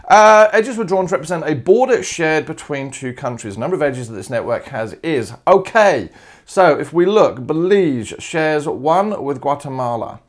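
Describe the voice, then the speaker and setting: A man's voice: mid-range voice, vocal fry. An Australian man, a maths teacher, chattily talking himself through exam solutions step by step with informal asides. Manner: casual asides and fillers like "all right" and "uh". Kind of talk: worked exam solutions, thinking aloud.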